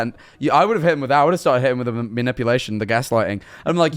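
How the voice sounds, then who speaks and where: A man's voice: medium pitch, rapid-fire, hardly any pauses, faint music behind. A man streaming, playing a priest in a comedic role-play, joking and playful.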